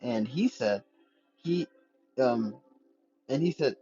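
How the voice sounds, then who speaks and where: A man's voice: mid-range voice, animated, takes it slowly, highs cut off, over music. A man reading scripture aloud with stumbles and restarts, then breaking into slangy street-style commentary as a preacher. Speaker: scripture teacher.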